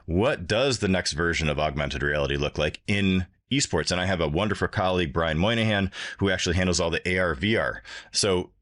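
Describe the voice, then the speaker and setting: A man's voice: deep voice, brisk, fairly bright tone. A middle-aged man talking casually as a podcast guest, rambling a little with restarts. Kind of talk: casual chat.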